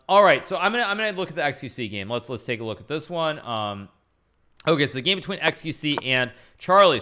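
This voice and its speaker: A man with a bright voice, set a little high, chats his way through a live chess analysis. He rambles, circles back to repeat himself and thanks viewers between moves in a loose, casual stream style. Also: smooth. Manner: chatty, rambling, repeats phrases.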